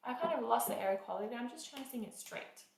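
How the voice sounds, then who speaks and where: A woman's voice: a little high, lively intonation, fast, vocal fry. A woman teaching singing in a casual, chatty way, often saying "like" and "um" as she explains. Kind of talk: casual vocal lesson. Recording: echoey room.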